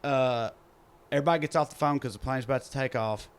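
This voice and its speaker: A man's voice: mid-range voice, fast, smooth. A man with a Southern US accent, a podcast host telling a story in casual chat, acting out the people he quotes, recorded in a theater green room.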